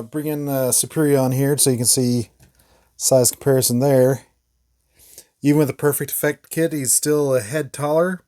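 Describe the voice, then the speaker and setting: A man's voice: mid-range voice, mellow. A man hosting a casual toy review, rambling with frequent fillers and short laughs. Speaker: toy reviewer, channel host.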